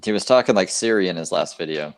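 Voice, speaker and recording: A man's voice: low-pitched, fast talker. A man from Canada co-hosting a stream, chatting casually and joking crudely. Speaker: streamer co-host. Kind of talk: casual chat.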